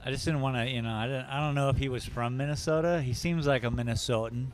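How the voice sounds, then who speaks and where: A man's voice: medium pitch, quick pace. A laid-back man hosting a live drawing stream, rambling and joking with chat in a mid-range voice. Faint music plays behind him as he talks.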